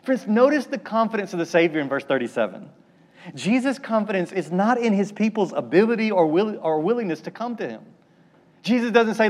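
A man preaching a sermon as pastor, building emphatic repeated phrases and dropping to hushed lines. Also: sits high, lively intonation, a little fast. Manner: preaching with emphatic, rhythmic repetition and dramatic drops to a hushed voice.

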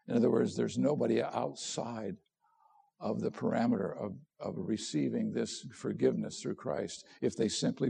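A man's voice: medium pitch, moderate pace, creaky, mellow, husky. A middle-aged man preaching a sermon as a pastor, conversational and direct, posing questions to his listeners.

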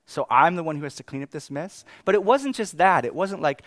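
Man, 30s, preacher, lively sermon storyteller, higher voice, dry mic. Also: brisk, hardly any pauses, no room sound. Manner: animated, swings between exasperated outbursts and quiet reflection.

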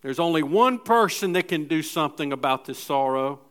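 A middle-aged man preaching a sermon in a church, his voice pitched a little higher than most men's. He talks in a conversational way, stumbling over restarts now and then and slipping into little acted-out voices to make a point. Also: animated, moderate pace, a bit bright, smooth. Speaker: pastor.

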